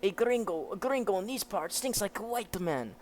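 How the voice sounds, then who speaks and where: A man's voice: high voice, animated, moderate pace, a little hiss or hum, voice pushed up. A man doing a sneering desert bandit. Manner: sneering, taunting.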